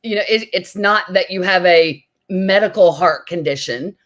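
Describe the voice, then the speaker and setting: A woman's voice: lowish voice, moderate pace, a bit bright. A woman hosting an interview over a video call, enthusiastic and dotted with ums. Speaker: interview host. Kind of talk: casual interview chat.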